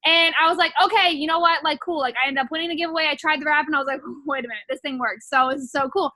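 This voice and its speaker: A woman's voice: sits high, fairly even intonation, racing, sharp tone. A young woman telling her story in a chatty, rambling way, full of filler words. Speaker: network marketing distributor. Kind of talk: casual personal testimony.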